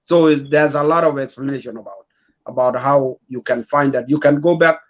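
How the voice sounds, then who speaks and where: A man speaking as a talk show guest, measured and hesitant with many fillers. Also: medium pitch, highs cut off.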